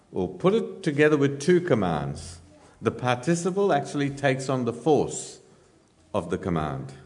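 A man preaching a sermon, teaching in a measured way with frequent "uh" fillers and dry humour. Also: medium pitch.

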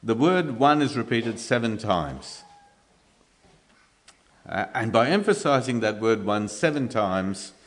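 Earnest low-voiced male preacher. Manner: earnest, with many restarts and filler ums. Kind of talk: sermon.

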